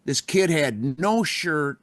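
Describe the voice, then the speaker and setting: A man's voice: a little high, expressive, takes it slowly, fairly bright tone, no room sound. An older man, a rock musician, telling a rambling anecdote in casual podcast talk, with strong language, acting out the voices of people he quotes. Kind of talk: casual storytelling.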